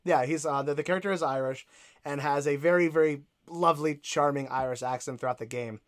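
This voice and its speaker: A man's voice: a little high, brisk. A man co-hosting a casual podcast, eager and rambling, often searching for words. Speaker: podcast co-host.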